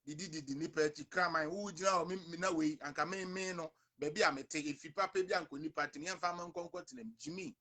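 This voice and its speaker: A man's voice: on the high side, fairly even intonation, quick pace, few pauses, pushed and bright. Young ghanaian man, ghanaian accent, repetitive fired-up rant to viewers, edgy voice. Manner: emphatic, repetitive, addresses viewers directly. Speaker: online show host. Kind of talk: livestream rant mixing English and Twi.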